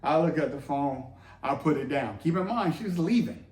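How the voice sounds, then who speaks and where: A man's voice: fairly high pitch, expressive, moderate pace, a little mellow. A man telling a story casually as co-host, acting out quoted lines with lots of swearing. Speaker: co-host, husband. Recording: echoey room.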